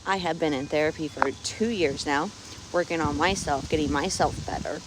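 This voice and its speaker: Young woman, lowish voice, frustrated casual rant on a phone outside, faint noise behind. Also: sing-song, moderate pace. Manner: frustrated, keeps tagging "right?". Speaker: vlogger. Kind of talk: casual venting monologue. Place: outdoors on her farm, windy.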